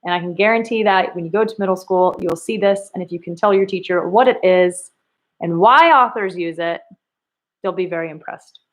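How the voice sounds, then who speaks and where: Woman teaching a reading lesson. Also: on the low side. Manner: slow, emphatic questions to pupils, acting out quoted lines. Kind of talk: recorded remote reading lesson for children.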